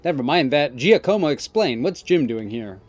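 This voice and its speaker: A man's voice: medium pitch, animated, moderate pace, dry recording, soft background music, close to an everyday voice. A man voicing a bossy young woman gang leader who scolds in a firm way. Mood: stern. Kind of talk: reading game dialogue aloud.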